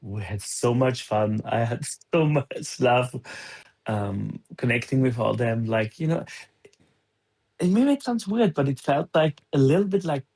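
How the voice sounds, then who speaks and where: Male co-host, gravelly husky voice, halting and stammering chat. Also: mid-range voice, animated, darkish tone. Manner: hesitant, repeats words, many fillers. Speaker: podcast co-host. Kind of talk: casual podcast chat.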